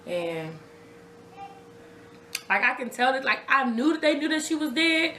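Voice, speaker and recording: A woman's voice: high voice, very animated, a little slow, bright, forceful tone, roomy sound, a little hiss or hum. A young woman recounting a personal story to her viewers in a casual, conversational way, often repeating herself. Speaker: vlogger telling her own story. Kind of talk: raw personal storytelling to camera.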